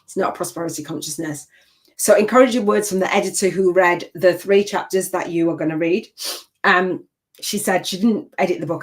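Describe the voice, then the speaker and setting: A woman's voice: fairly low pitch, brisk. An older woman from the United Kingdom, a spiritual business coach giving a live masterclass talk in an emotional, rambling and heartfelt way, with restarts.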